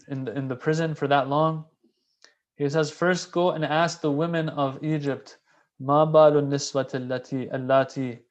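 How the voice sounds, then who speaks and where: A man giving a casual, conversational religious lecture, animated and repeating key phrases for emphasis. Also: on the high side. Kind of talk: casual sermon explaining a classical text.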